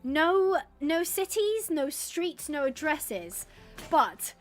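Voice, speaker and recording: A woman's voice: high-pitched, very animated, extremely slow, faint music behind. An English woman live-streaming a game, chatting casually and rambling, laughing often as she reads out the chat. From England.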